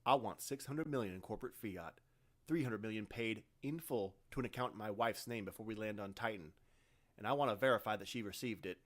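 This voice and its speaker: A man's voice: fairly low pitch, fairly quick, lightly acted. A man voicing a scarred, defiant space marine sergeant who talks with clipped sarcasm. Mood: sarcastic.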